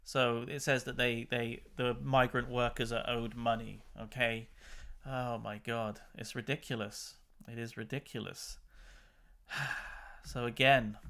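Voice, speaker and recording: A man with a medium-pitched, slightly bright voice hosts a channel where he reacts to news clips. He's chatty and exasperated, with laughs breaking up his remarks.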